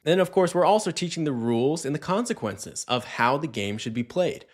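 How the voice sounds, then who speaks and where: A man's voice: a little high, expressive, fairly quick. A man giving a casual, conversational dog training lesson, often checking in with "right?" and acting out little scenes. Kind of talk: casual instructional talk.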